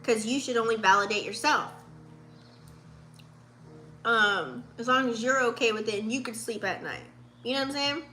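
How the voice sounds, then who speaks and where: A woman's voice: a little high, normal speed, long pauses, bright, forceful tone, faint music behind. A woman in her late thirties giving a casual, profane, heartfelt pep talk in a spiritual vlog, with many fillers. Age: 30s. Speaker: vlogger.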